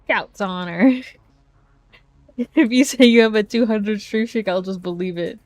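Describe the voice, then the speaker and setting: Speaking a little slowly in a medium-pitched voice, a woman chats with her viewers while streaming a game. She rambles into a desk mic with occasional exasperated outbursts, and the recording has no echo.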